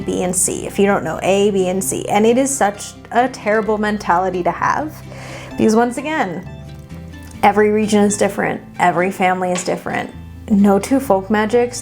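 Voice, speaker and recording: A woman talking straight to her viewers in a loose reaction vlog, mid-pitched and animated, with teasing asides and the odd swear word. Soft music runs faintly behind her. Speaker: witchcraft content creator. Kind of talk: casual reaction commentary.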